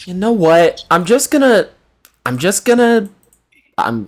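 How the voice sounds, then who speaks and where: A man's voice: high voice, very animated, a little slow. A man acting as game master in casual chat before a session, laughing often and swearing freely.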